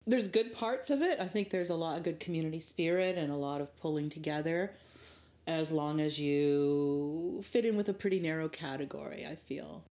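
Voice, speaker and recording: A woman's voice: deep voice, moderate pace, mellow. A middle-aged woman from rural Ontario, Canada, recounting her early career in a candid, thoughtful interview. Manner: candid, thoughtful, with frequent restarts. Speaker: guest. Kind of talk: reflective interview storytelling.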